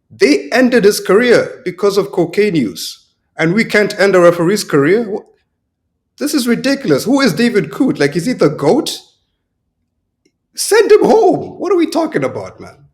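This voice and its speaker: A man co-hosting a podcast, his pitch swooping widely as he speaks. He sounds indignant and emphatic, piling up rhetorical questions as he talks. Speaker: podcast co-host. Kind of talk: casual chat.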